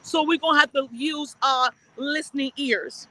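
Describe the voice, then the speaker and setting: A woman's voice: high voice, steady tone, moderate pace, sharp tone, no echo, poor audio. A woman hosting a live news-style stream, speaking earnestly and stressing her points. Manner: earnest, emphatic, repeats key points. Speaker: livestream host and citizen reporter.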